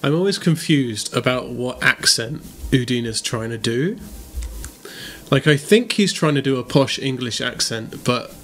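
A man's voice: mid-range voice, animated, unhurried, fairly bright tone. A man streaming a game, giving casual, playful commentary. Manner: chatty, playful, teasing.

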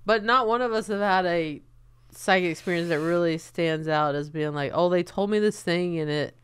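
A woman co-hosting a podcast in casual chat, joking with quick reactions and asides. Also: on the low side, smooth. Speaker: podcast co-host.

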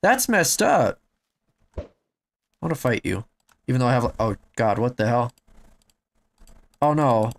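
Excitable young man gaming, lively pitch. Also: unhurried, gravelly, long pauses. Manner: excitable, shouting and swearing at the game. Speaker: gamer. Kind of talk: let's play commentary.

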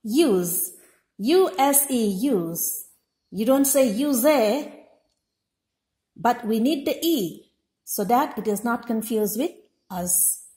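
A woman teaching a class in a high, clear voice, taking her time and spelling out words letter by letter. Her slow, careful delivery rings in an echoey room. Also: expressive, mellow. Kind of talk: classroom lesson.

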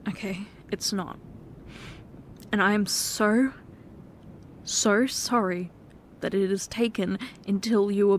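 A woman doing a whispered role-play as a girlfriend, speaking in a tender, pleading, soft-spoken way. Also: medium pitch, a little hiss or hum. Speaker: ASMR performer.

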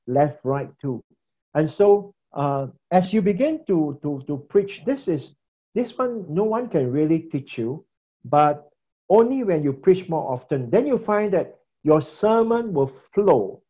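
A man with a fairly high voice gives a recorded lecture on preaching. He talks loosely and repeats phrases as he gestures. The sound is dull and lo-fi, from a laptop mic. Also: lively intonation, a little slow. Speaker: preaching instructor. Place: indoors at a laptop.

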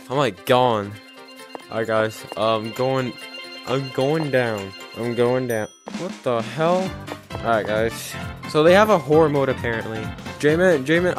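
A man giving gameplay commentary as a gaming YouTuber, jumpy and prone to yelps and screams when startled. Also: medium pitch.

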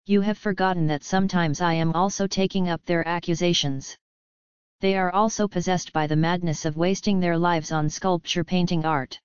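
A woman's voice: lowish voice, darkish tone, clean tone, dry recording, highs cut off, lightly acted. A woman reading the part of a brooding young male prince in an audiobook, in an impassioned, bitter manner.

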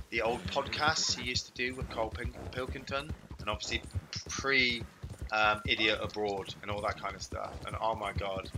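A man's voice: on the low side, background noise. A man streaming a game, chatting loosely and swearing freely as he plays. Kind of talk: casual gaming chat.

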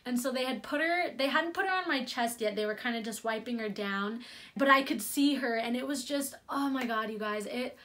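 A young woman with a fairly high voice tells her birth story in a casual vlog. She gushes and chats with her viewers, piling up fillers as she goes. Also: fairly quick, fairly bright tone. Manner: chatty and gushing, many fillers, addresses viewers as "you guys". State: near tears at moments. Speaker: vlogger.

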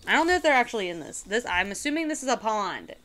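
A woman's voice: a little high, sing-song, fast talker, a bit bright. A woman streamer chatting casually while she plays a game, rambling and giggling as she goes. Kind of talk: casual gaming chat.

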